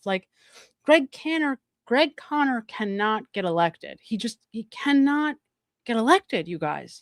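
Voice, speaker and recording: Emphatic woman host, lively swooping pitch. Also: measured pace, dry recording, clean studio sound. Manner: exasperated, emphatic, repeats points for effect. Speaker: podcast host commenting on court hearings. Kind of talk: live-stream commentary.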